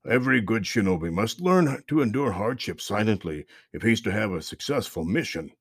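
Storybook mentor: a man doing a gruff, stern old trainer, low and husky. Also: very animated, normal speed, no room sound, studio quality. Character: stern older male ninja trainer.

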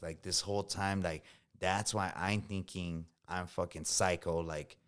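Man, very low voice, candid, profane, slangy storytelling. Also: steady tone, moderate pace, fairly bright tone, clean tone. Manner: profane, emphatic, slangy with many "bro"s. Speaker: combat veteran guest.

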